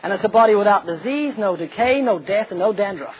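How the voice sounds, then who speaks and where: A man's voice: high-pitched, lively intonation, brisk, heavy background noise. A man preaching a humorous sermon, telling stories and acting out the quoted voices of others. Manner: jokey, storytelling, acts out quoted voices.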